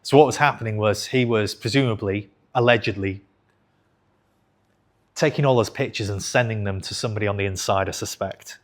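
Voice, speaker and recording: A man's voice: fairly low pitch, brisk. A man in his thirties telling a personal story to camera in a frank, conversational way, swearing casually and correcting himself as he goes. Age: 30s. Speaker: investing channel host.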